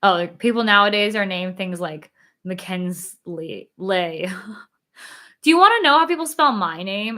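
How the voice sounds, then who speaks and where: With a bright, forceful, mid-range voice, a young woman hosts a casual livestream and reads comments from her viewers. She's chatty and giggly, packs in plenty of fillers such as "like," and comes across as a bit tired.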